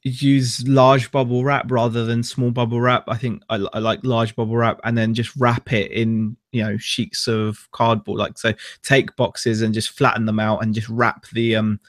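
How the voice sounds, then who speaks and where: A man's voice: mid-range voice, little pitch movement, normal speed, hardly any pauses, no room sound, clean studio sound. A man chatting casually as co-host of a livestream, laid-back and hesitant.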